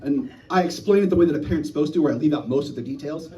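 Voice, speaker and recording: A man's voice: a little high, racing. A man in his thirties doing a stand-up comedy set in a small live venue, telling stories and acting out the other people's voices. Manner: animated storytelling, acting out voices. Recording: voice from a distance in a small room.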